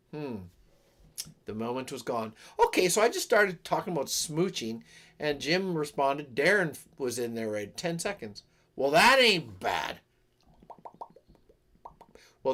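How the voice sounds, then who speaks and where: A man's voice: mid-range voice, fairly bright tone, a little hiss or hum. A man hosting a livestream, chatting casually and rambling with jokes aimed at his viewers. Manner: rambling and jokey, talks to the chat. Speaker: livestream host. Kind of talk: casual chat with live viewers.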